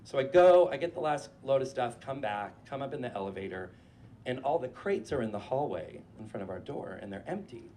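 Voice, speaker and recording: Animated, profane man telling a story. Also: mid-range voice, a little fast, a little hiss or hum. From New Hampshire. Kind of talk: live storytelling. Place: stage in front of a live audience.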